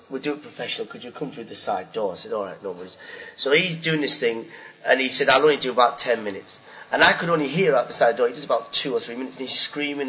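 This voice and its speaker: A middle-aged comedian spins a long story from the stage, jumping into voices for the people in it. His tone is bright and forceful at an ordinary pitch. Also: low-quality recording. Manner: animated, acts out voices of hecklers and friends. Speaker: stand-up comedian. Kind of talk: storytelling comic monologue.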